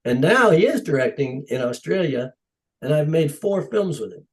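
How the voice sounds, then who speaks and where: Animated middle-aged man telling stories. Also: on the high side, normal speed, low-quality recording. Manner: animated, acts out quoted dialogue. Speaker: stunt coordinator. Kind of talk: casual interview storytelling. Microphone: podcast microphone.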